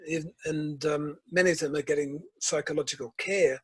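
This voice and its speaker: Older aussie guy, kinda husky voice, tells stories slow and thoughtful in an interview. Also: a little high, fairly even intonation, low-quality recording. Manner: measured storytelling, tells anecdotes. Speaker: author and school principal, guest. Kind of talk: reflective interview conversation.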